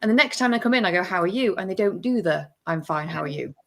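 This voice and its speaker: A woman's voice: on the low side, animated, quick pace, gravelly. A woman clinician chatting on a podcast, telling stories about patients and acting out their replies. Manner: chatty storyteller, acts out patient exchanges. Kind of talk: podcast conversation.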